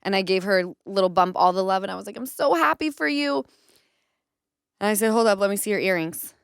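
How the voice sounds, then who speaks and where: A woman in her thirties hosting a podcast, chatting casually and telling stories with lively acted-out quotes. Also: mid-range voice, rapid-fire, clean tone, no room sound, clean studio sound. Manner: animated storytelling with acted quotes. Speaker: podcast host. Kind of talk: casual chat.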